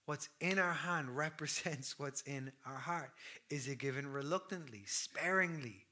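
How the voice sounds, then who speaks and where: A man in his thirties preaching a sermon with passion, swinging from loud declarations to hushed near-whispers. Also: on the high side, unhurried.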